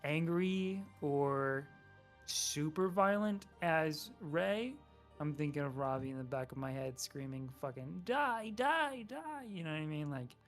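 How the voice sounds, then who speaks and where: A woman's voice: low-pitched, unhurried, soft background music. A woman player of a tabletop game chatting casually and teasing her friends. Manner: teasing, joking. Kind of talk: casual chat.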